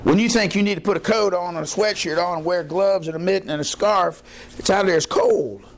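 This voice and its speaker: High-voiced preaching man calling out "Amen". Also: fairly quick, creaky. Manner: folksy preaching with frequent "Amen" call-outs; asks the congregation questions. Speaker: pastor. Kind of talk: evening church sermon. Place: church service with a responding congregation.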